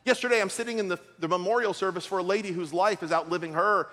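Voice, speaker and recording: High-voiced pastor in a reverberant hall. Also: male voice, fast, a bit bright. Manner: storytelling with comic asides. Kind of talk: sermon.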